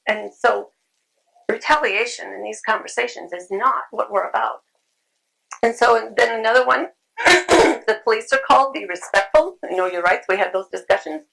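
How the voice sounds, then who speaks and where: A woman talks to a convention crowd in a loose, conversational way, circling back over phrases and filling gaps with um. Her voice sits a bit high and has a bright, forward edge. There is a gravelly fry running under it. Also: poor audio. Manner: conversational, repeats phrases, frequent ums. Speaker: convention speaker. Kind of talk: conference talk. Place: convention room.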